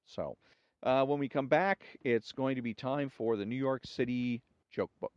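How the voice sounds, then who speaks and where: A man hosting a show, reading jokes aloud in a relaxed storytelling way and acting out the characters' lines. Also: mid-range voice, moderate pace, muffled recording, heavy background noise. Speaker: host.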